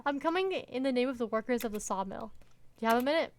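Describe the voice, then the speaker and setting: A woman's voice: high voice, lively intonation, a little fast, a little hiss or hum. A woman voicing a fiery middle-aged male union worker. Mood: earnest. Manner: earnest, rallying speech.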